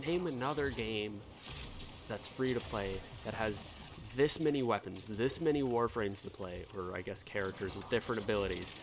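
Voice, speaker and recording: A man ranting in a casual gaming vlog, animated and heated, swearing freely as he argues his point. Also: fairly low pitch. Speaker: gaming video creator.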